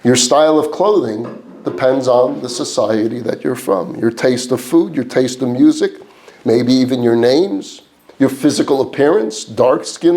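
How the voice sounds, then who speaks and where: A man's voice: medium pitch, creaky, darkish tone. A man with a New York accent, teaching a class as a rabbi. He asks the room rhetorical questions, answers them himself, and builds his points through repeated lists. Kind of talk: lecture to a live class.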